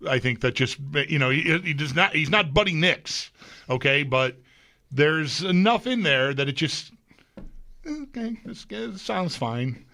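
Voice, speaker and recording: Guy co-hosting sports radio, kinda high voice, bright, hedgy chatty style. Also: lively intonation, normal speed. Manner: chatty, hedging, stumbling starts. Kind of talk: casual talk radio banter.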